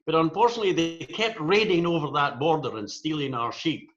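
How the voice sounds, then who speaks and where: A man's voice: fairly high pitch, a little fast. An older man with a Scottish accent, giving a joking, self-deprecating talk as guest speaker over a video call. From Scotland. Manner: jokey, self-deprecating storyteller. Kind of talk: virtual club presentation. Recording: dull lo-fi video call audio.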